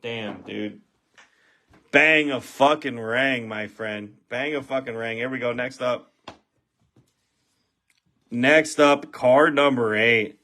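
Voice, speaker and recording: A man hosting a live trading card box break, excitable and profane, shouting when big cards are pulled. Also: on the high side.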